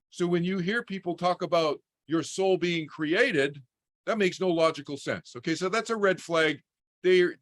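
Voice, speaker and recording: With a voice that's a little high and fairly bright, a man talks informally to a parent support group over video call as a spiritual teacher. He keeps it conversational, checking in with his listeners by saying "okay?" No room sound can be heard.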